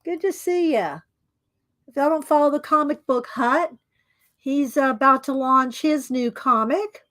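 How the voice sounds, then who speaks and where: A high-voiced, middle-aged woman chats through a live art stream. She drawls slow greetings to viewers one by one and laughs easily between her words. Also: fairly bright tone.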